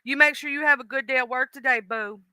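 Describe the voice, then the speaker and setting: A woman's voice: sits high, fast talker, pushed and bright, clean tone, dry recording. A woman hosting a livestream, chatting casually and gossiping with viewers, greeting commenters by name with slangy asides. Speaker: livestream host.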